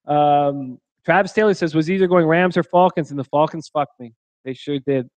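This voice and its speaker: A man with a fairly high voice hosts a late-night betting stream and reads out the chat. He jokes crudely and laughs often. The sound is dry and close, with no room echo. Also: fairly quick, a little mellow. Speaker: sports betting show host. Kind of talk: live-stream chat reading. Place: hotel room.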